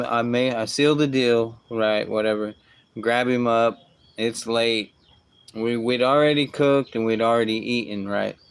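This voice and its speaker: A man with a smooth, clear voice at an ordinary middle pitch tells a casual story. He rambles along, tossing in asides and restarting his sentences, as if chatting with a friend. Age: adult with a young son. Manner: rambling, full of asides like "whatever" and "boom".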